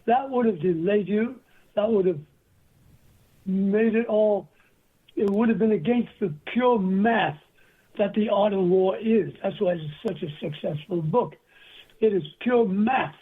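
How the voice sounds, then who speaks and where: An older Englishman, a guest in a storytelling interview, rambles from one anecdote to the next over a phone line. His voice sits high and sounds husky, and he's in no hurry.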